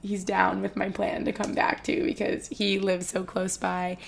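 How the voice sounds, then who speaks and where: A woman's voice: mid-range voice, monotone, unhurried, vocal fry, slight background noise. A woman in her twenties talking casually and emotionally to her vlog viewers, filling her talk with "like". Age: 20s. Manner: chatty and emotional, lots of "like". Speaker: vlogger.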